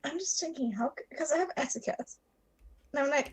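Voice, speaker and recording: A woman's voice: high-pitched, fairly quick, rough recording. A woman playing a tabletop game, casual and swearing freely. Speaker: player.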